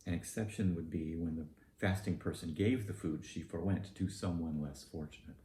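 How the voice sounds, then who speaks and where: A low-pitched man with a Southern US accent preaches a sermon, deliberate and pointed in his emphasis. His voice is dark and mellow. The recording sounds roomy and echoey, with a faint hum behind it.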